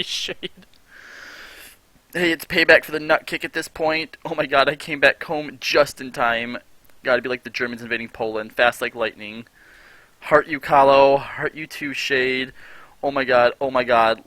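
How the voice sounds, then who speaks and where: A man's voice: medium pitch, sharp tone, no room sound. A man live streaming, reading viewer chat aloud with dry, exasperated asides.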